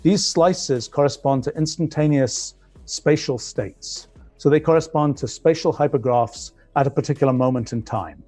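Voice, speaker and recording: A man's voice: fairly high pitch, moderate pace, warm tone, soft background music. A man with a British accent giving a technical physics lecture, thinking aloud with frequent restarts as he explains.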